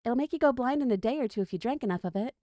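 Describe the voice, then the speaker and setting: Wry talking snake, male, matter-of-fact, pitched up, woman reading it out, dry sound. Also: expressive, very fast, dark tone, no echo, natural voice. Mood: explaining. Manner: matter-of-fact, joking explanations.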